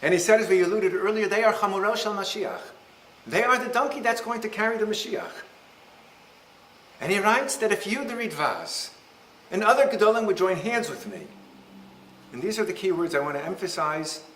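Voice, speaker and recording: Bright-voiced rabbi lecturing in a roomy hall. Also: male voice, sits high, normal speed, a little hiss or hum. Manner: animated, humorous storyteller. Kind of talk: lecture with storytelling.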